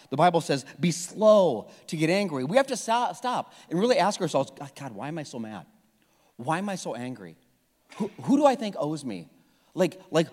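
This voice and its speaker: A man preaching a sermon with passion, dropping from loud emphasis to hushed tones and often repeating his words. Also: fairly high pitch, long reverb tail. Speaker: pastor.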